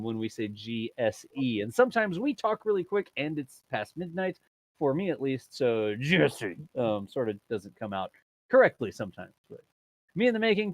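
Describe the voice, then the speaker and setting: A man's voice: mid-range voice, big pitch swings, moderate pace, dry recording. A man hosting a casual livestream, reading viewer messages aloud with lots of laughter. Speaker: livestream host.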